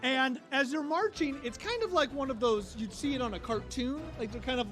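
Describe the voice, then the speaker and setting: A man narrating a live tabletop game as game master, casual and quick. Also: very high voice, fairly bright tone. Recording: live stage with faint music.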